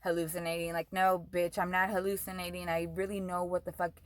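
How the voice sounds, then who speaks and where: A woman's voice: lowish voice, flat delivery, brisk, no room sound, rough recording. A young woman vlogger telling a story in a casual, rambling way, swearing often and saying "like" a lot. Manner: profane, rambling, says "like" a lot.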